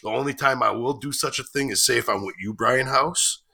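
A man's voice: mid-range voice, a little fast, vocal fry, bright, forceful tone, slightly rough. A man on a podcast telling rambling, profane anecdotes in casual chat. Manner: rambling anecdotes, swears freely.

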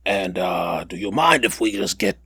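A man's voice: sits low, animated, normal speed, gravelly, sharp tone, breathy edge, dry recording. A man hosting a casual podcast, rambling and joking with lots of fillers and self-corrections. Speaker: podcast host.

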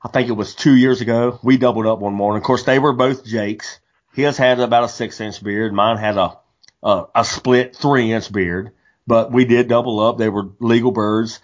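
A man co-hosts a casual hunting podcast, telling stories with animation and plenty of restarts. His mid-range voice moves at normal speed, and the audio is dull and lo-fi.

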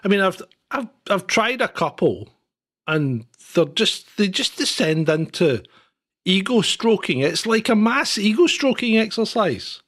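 A man's voice: sits high, big pitch swings, a little slow, a bit bright. A man co-hosting a podcast, grumbling sardonically and swearing in casual banter. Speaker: podcast co-host.

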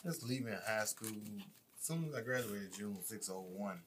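A man's voice: fairly low pitch, normal speed. A talkative male comedian recalling his early stand-up days in a casual chat. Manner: talkative, loose storytelling. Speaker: comedian, podcast co-host. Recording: loud background noise.

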